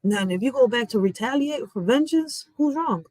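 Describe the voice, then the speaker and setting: A woman's voice: a little high, animated, moderate pace, a little mellow, dry recording, low-quality recording. A woman giving blunt, heated commentary as a vlogger, ranting emphatically. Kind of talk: heated social media commentary.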